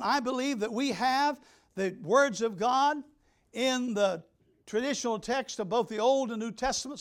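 A pastor preaching an emphatic sermon, swinging between loud declarations and hushed asides. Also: male voice, extremely high pitch.

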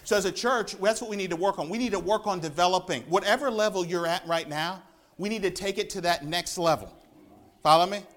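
A man in his thirties preaching a sermon in a church, animated, often repeating words as he builds up. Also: sits high, brisk. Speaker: pastor.

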